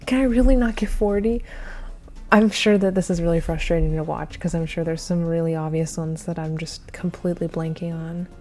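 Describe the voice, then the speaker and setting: A woman's voice: on the low side, steady tone, a little fast, dark tone, soft background music. A woman thinking aloud while taking a timed trivia quiz, flustered and muttering, with many hesitations. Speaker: quiz video creator.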